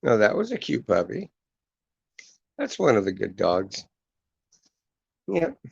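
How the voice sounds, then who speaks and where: Gravelly man, casual and foul-mouthed host, dry muffled recording. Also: mid-range voice, huge pitch swings, slow pace, darkish tone, no echo. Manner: chatty and crude, swears freely. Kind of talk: casual chat.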